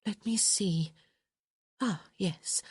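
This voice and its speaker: A woman's voice: mid-range voice, extremely slow, breathy edge, dry recording, clean studio sound, pitched above the performer's own voice, exaggerated voice. A woman voicing a witty young lady who reads aloud in a wry, amused manner.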